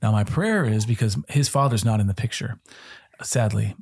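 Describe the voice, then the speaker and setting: Husky-voiced man, earnest and joking. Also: lowish voice, lively intonation, normal speed, darkish tone. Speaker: podcast co-host. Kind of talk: casual faith-based parenting chat.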